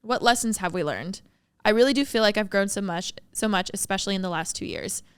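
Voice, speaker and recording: A woman hosting a podcast alone, talking openly and from the heart, quick to laugh, on a studio mic. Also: mid-range voice, animated, smooth, dry recording. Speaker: podcast host. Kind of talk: candid solo podcast reflection.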